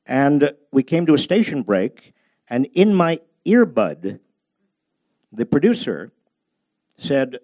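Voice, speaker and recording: Lively older man telling stories. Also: medium pitch, slow pace, long pauses, dry recording. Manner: storytelling, self-deprecating, acts out dialogue. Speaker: author giving a book talk. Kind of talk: humorous anecdotal lecture. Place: public library event space.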